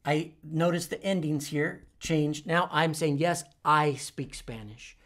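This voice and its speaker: A man teaching a Spanish verb lesson, spelling out letters and repeating each form deliberately. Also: fairly high pitch, fairly bright tone. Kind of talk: whiteboard language lesson.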